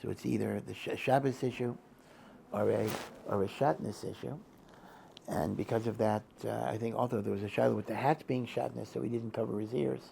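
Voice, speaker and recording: A man's voice: mid-range voice, fairly even intonation, brisk, vocal fry, slight background noise. An older man teaching a rabbinic class in a loose, storytelling way, often restarting his sentences and mixing in Hebrew and Yiddish terms. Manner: acts out a loud, shouting old rabbi in quotes. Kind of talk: informal Torah lecture with stories.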